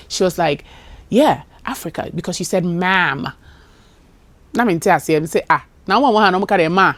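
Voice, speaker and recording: A woman's voice: fairly low pitch, normal speed, no room sound. A young woman from Ghana with a Ghanaian English accent, chatting casually as a vlogger, acting out conversations and slipping into Twi phrases. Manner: animated, acts out dialogue, mixes in Twi phrases. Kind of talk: casual storytelling chat.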